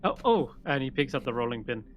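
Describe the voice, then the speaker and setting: A man's voice: mid-range voice, animated, fast, muffled recording, close to an everyday voice. A man voicing a nervous, shifty cat-person innkeeper who fusses and exclaims. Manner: flustered, fussy exclamations.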